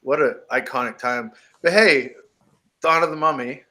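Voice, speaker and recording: A man's voice: medium pitch, normal speed. An American man co-hosting a podcast, chatting casually and jokily about horror movies and laughing often. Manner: animated, jokey, laughs often. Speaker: podcast co-host.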